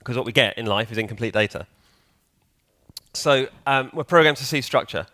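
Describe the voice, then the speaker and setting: A man's voice: mid-range voice, moderate pace, sharp tone, no echo. Joking man giving a conference talk. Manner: chatty, joking, quizzes the audience. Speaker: conference speaker. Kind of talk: live conference talk to an audience. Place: conference hall with audience.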